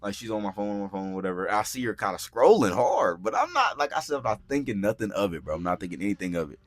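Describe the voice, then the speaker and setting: A young man hosting a podcast, telling a story in casual, profane talk, acting out quotes loudly and filling his speech with "bro" and "like". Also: fairly low pitch, big pitch swings, fast, no room sound. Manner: frequent filler words like "bro" and "like". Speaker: podcast host. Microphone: podcast mic.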